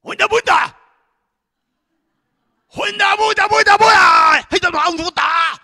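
A man shouting as a young warrior's fierce chant. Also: extremely high pitch, measured pace, vocal fry, voice pushed up, full character voice. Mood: chanting fiercely. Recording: reverberant church hall.

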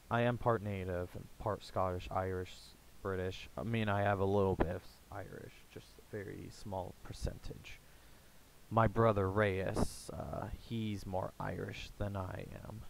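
A young American man chatting casually in a rambling, halting way, full of fillers and restarts. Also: deep voice, level tone, gravelly, slight background noise, rough recording. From United States. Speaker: gaming YouTuber. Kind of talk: casual rambling vlog chat.

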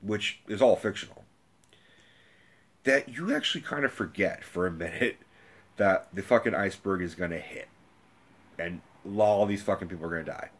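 A young man giving a rambling, profane movie review rant, casual and animated. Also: low-pitched, normal speed, pauses often, slightly rough.

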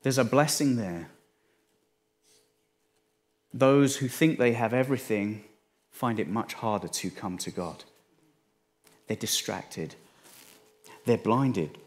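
A man with an English accent, a pastor delivering a sermon in a conversational way, often dropping his voice low for emphasis. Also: slow, long pauses. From England. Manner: conversational, restarts phrases, dips quiet for emphasis.

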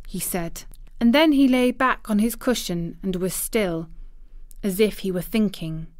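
Slow, measured woman storyteller. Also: medium pitch, dry recording, studio quality. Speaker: audiobook narrator. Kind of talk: scripted narration.

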